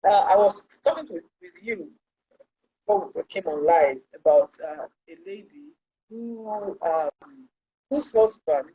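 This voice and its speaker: Animated preachy woman hosting a talk show. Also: mid-range voice, measured pace, dull audio. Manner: lively, sermon-like, loud bursts for emphasis. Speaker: host of a Christian health talk show. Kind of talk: live online talk show, preachy storytelling.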